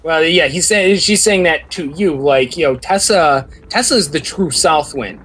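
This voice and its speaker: A man runs a tabletop game as game master and narrates with plenty of ums and uhs. He rambles and corrects himself as he goes, in a slightly high voice. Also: a little slow, fairly bright tone, slightly rough, poor audio. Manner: rambling, many filler words.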